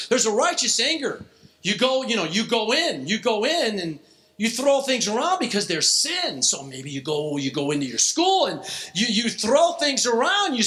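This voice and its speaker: A man's voice: extremely high pitch, pushed and bright. An older man preaching a joking, theatrical youth sermon. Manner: joking, theatrical, exaggerated shifts in delivery. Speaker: youth speaker.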